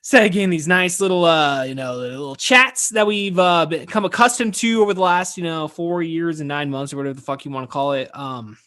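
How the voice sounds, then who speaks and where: A man's voice: fairly high pitch, a little fast, few pauses, sharp tone. Laid-back swearing podcast host man. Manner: laid-back, swears freely, lots of "dude" and "like". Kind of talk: casual solo podcast chat.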